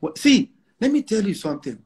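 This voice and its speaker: High-pitched and slightly rough, his voice swings widely and moves briskly. This Igbo musician from Nigeria, around forty with a Nigerian Pidgin English accent, guests in a casual interview, brash and emphatic, echoing his own lines for effect.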